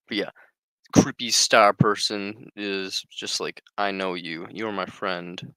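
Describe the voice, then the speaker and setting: A man's voice: low voice, fairly even intonation, takes it slowly, pauses often, pushed and bright, clean tone, dry recording, poor audio. A man casually reading a book aloud and commenting, rambling and swearing, with many filler words. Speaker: reader and commentator.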